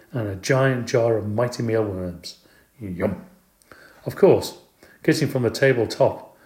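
Man reading a children's story aloud. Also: medium pitch. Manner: expressive, playful, does character voices. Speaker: audiobook reader. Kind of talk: storybook narration. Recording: echoey room.

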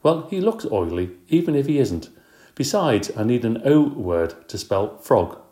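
A man's voice: mid-range voice, very animated, measured pace, dark tone, pitched above the performer's own voice. A man voicing a cheeky, show-off schoolboy who talks cockily, in a roomy recording. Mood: cocky. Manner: cocky, jokey. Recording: roomy echo.

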